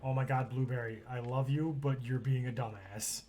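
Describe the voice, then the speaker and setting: Male streamer, mid-pitched, foul-mouthed, quick to rant at the game; faint noise behind. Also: steady tone. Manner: swears often, rants and yells at the game. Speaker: gaming streamer. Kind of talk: casual game commentary.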